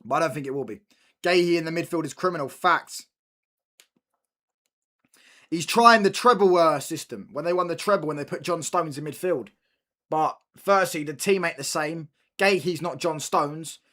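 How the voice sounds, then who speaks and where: A man's voice: fairly high pitch, moderate pace, fairly bright tone. A young man chatting casually on a football watchalong stream, repeating his points and bantering with viewers. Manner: repeats lines, slangy banter with chat. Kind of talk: casual live-stream chat.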